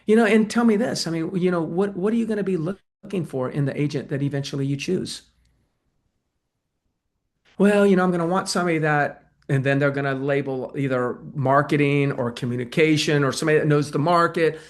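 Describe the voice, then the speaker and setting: Energetic man teaching real estate sales. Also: fairly high pitch, normal speed. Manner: energetic, acts out client dialogue. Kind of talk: sales training talk.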